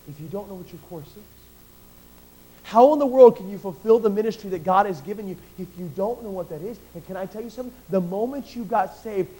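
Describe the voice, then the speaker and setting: High-voiced man preaching with swings in loudness. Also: rough recording. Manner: swings from loud emphatic preaching to quiet intimate storytelling; repetitive, restarts phrases. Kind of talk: sermon.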